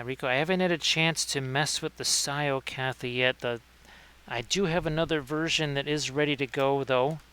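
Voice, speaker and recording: A man's voice: medium pitch, bright, forceful tone, clear, resonant tone. A man hosting a casual livestream painting tutorial, chatting with viewers by name between painting tips. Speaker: miniature painting streamer.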